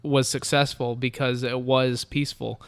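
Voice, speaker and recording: Rambling young man, smooth voice. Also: mid-range voice, flat delivery, moderate pace. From Southern United States. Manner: rambling, hesitant, full of fillers and restarts. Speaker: podcast co-host. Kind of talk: casual chat.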